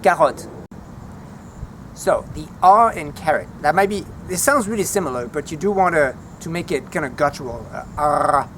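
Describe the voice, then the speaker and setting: A man walking through a home vegetable garden outdoors, naming plants and teaching their French words in a relaxed, chatty way. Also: fairly high pitch, normal speed, few pauses, slight background noise. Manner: relaxed, chatty, easily enthused. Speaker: language teacher giving a garden tour.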